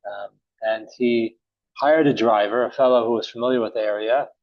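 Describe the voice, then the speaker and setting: Man, class teacher, casual storytelling, halting with fillers, dry dull recording. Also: mid-range voice, dry recording. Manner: relaxed, halting, many uhs and restarts. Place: synagogue or study room.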